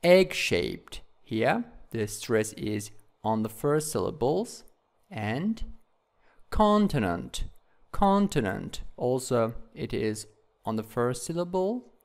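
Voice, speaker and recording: A man's voice: mid-range voice, big pitch swings, slow, a little mellow. A male English teacher running a vocabulary lesson, repeating each word several times and checking "okay?" as he drills. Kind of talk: classroom vocabulary tutorial.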